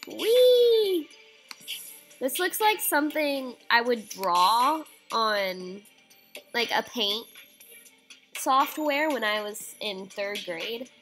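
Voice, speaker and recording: Young female let's-player, unhurried and chatty, light game music underneath. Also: on the high side, lively intonation, bright, forceful tone, rough recording. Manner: chatty, reads game prompts aloud, squeamish exclamations. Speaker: game streamer. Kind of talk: casual let's-play commentary.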